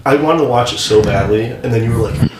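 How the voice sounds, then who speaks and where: A man's voice: mid-range voice, fast talker. A man guest on a podcast, reminiscing eagerly and cutting in often. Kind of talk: casual chat, reminiscing. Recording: roomy room with crowd noise.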